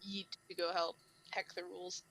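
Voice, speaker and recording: A woman playing a tabletop game, eager and slangy, quick to jump in. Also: fairly low pitch, flat delivery, creaky, a bit bright, low-quality recording. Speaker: player.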